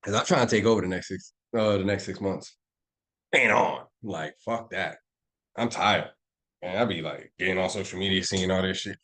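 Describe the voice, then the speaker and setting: A man on a live stream breaking down trading charts in a loose, slangy, profane and animated way. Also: deep voice, moderate pace. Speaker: trading educator.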